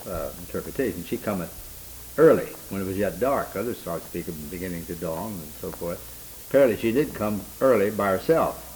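Low-voiced man teaching a Bible study. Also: darkish tone, a little hiss or hum, low-quality recording. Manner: rambling, unhurried, with frequent restarts and fillers.

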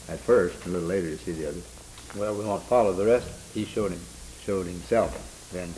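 Low-voiced man teaching a Bible study. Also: dark tone, slight background noise, poor audio. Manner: rambling, unhurried, with frequent restarts and fillers.

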